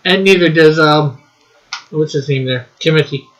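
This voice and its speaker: A man's voice: on the high side, moderate pace, low-quality recording. A man co-hosting a casual livestream, joking around and reading viewer comments aloud. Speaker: co-host reading live chat.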